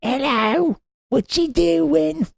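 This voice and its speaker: A shrill falsetto Britain, clingy and prim. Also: male voice, very slow, creaky, dry recording, studio quality, exaggerated voice.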